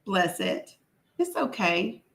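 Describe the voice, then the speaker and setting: A woman's voice: medium pitch, sing-song, slow pace, a bit bright. A woman with a Southern US accent hosting a live stream, teasing and sassy in casual commentary, laughing often.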